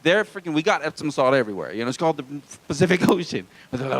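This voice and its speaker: A man's voice: a little high, sing-song, rapid-fire, hardly any pauses. A man from Hawaii doing a live stand-up set in a small comedy club, with self-deprecating, wry asides to the crowd.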